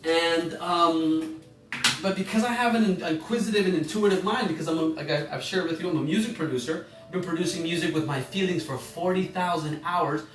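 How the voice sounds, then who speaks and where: A man's voice: a little high, fairly quick. Rambling male course teacher in an echoey room. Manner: rambling, self-correcting, asks listeners questions. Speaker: emotional intelligence course teacher. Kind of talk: informal online class talk. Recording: echoey room, a bit far from the mic, faint music.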